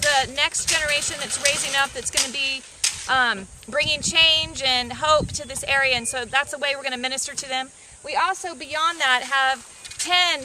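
A woman's voice: sits high, noisy background. A woman leading a walking tour of an outdoor hillside site, enthusiastic and inviting, out of breath from the incline. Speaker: mission project leader giving a site tour.

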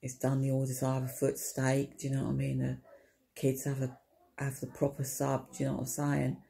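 A woman spins a rambling, wry tale straight to camera, her voice low-toned, dark and gravelly. She swears offhandedly and keeps checking in with little tag questions, repeating her punchlines. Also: completely flat delivery, brisk. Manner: chatty, full of tag questions and repetition. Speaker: vlogger. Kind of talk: rambling comic storytelling to camera.

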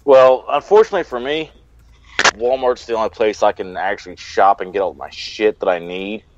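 Low-voiced man, dull dry sound. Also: normal speed, slight background noise. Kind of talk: casual chat.

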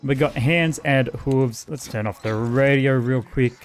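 Australian man, gaming host, loose let's-play commentary, cheerfully profane, mid-pitched voice, game music faint underneath. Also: unhurried. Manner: casual, swears freely, chats to the game characters.

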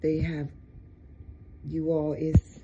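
An online preacher giving an informal video sermon, tired and exasperated, with drawn-out, emphatic exhortations. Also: mid-range voice, monotone, dull audio, heavy background noise.

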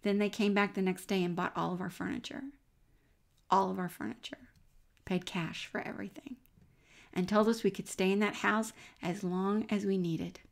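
Middle-aged woman with a gravelly edge. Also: mid-range voice, fairly even intonation, moderate pace. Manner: warm, earnest storytelling that drops to a near-whisper at times. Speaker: Christian speaker. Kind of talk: personal faith testimony, storytelling.

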